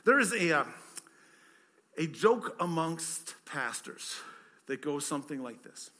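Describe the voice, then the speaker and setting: A man's voice: on the high side, very animated, takes it slowly, pushed and bright. A man, a pastor, preaching a conversational sermon, full of rhetorical questions and repeated words.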